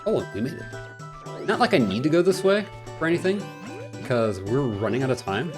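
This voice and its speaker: A man casually commentating his video game playthrough, excitable and jokey, rambling with panicky outbursts. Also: mid-range voice, brisk, over music. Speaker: gaming channel host. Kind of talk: casual let's-play commentary.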